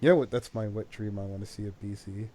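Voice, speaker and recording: A man's voice: on the low side, a little fast, crowd noise. A man co-hosting a stream chat, wry and sarcastic. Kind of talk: casual group chat on a stream.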